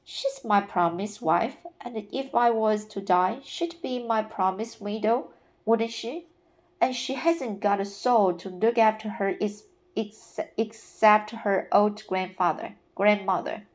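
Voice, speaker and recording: A woman reading aloud and voicing a lively, curious little boy who asks questions insistently. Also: mid-range voice, takes it slowly, close to an everyday voice. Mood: eager.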